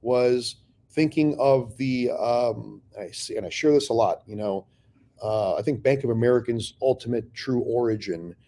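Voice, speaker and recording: A man's voice: medium pitch, a little slow, warm tone. A man candidly telling stories from his real estate investing career in an interview, blunt and often profane, acting out past conversations.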